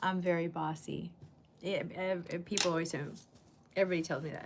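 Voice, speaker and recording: A woman's voice: lowish voice, little pitch movement, fairly quick, a little hiss or hum. A woman hosting a casual livestream, chatting bluntly and greeting viewers by name. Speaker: livestream host. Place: indoor room under a bright light.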